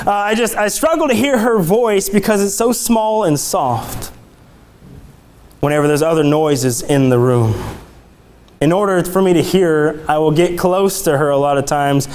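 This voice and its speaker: Excitable high-voiced preacher man. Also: normal speed, clear, resonant tone. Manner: excitable, climbs high in pitch when worked up; conversational, with repeated restarts. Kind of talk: sermon. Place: church sanctuary.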